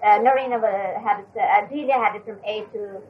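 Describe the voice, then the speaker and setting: A woman's voice: medium pitch, a little fast. An older woman retelling an anecdote from memory, hesitant with fillers, on a dull lo-fi recording. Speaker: storyteller.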